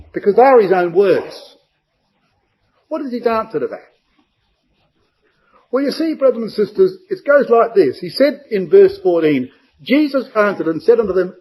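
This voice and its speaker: A man's voice: high-pitched, a little mellow, slightly rough, poor audio. A man giving a verse-by-verse Bible study to a congregation, emphatic and full of rhetorical questions.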